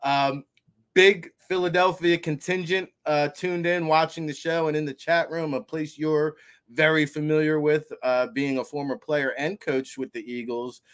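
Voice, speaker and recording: A man with a New Jersey accent hosting a football talk show, chatty and energetic. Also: fairly high pitch, normal speed. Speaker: host. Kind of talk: casual sports interview.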